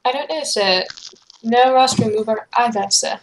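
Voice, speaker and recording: A woman's voice: a little high, moderate pace, very noisy, close to an everyday voice. A woman voicing an eager, loyal young female sidekick in an amateur fanfic read-aloud, earnest and polite. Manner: earnest, calls her boss sir.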